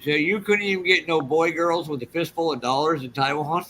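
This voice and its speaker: A man's voice: a little high, brisk, fairly bright tone, slight background noise, poor audio. A man teasing and joking in a casual group call during a livestream. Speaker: livestream participant.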